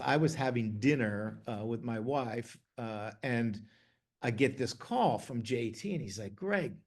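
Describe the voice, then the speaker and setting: Middle-aged guy from ohio telling stories, lots of ums and restarts, perks up when he quotes people. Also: mid-range voice. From Ohio, USA. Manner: chatty, many fillers and restarts, animated when quoting others. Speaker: TV producer interviewee. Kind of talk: casual anecdotal storytelling.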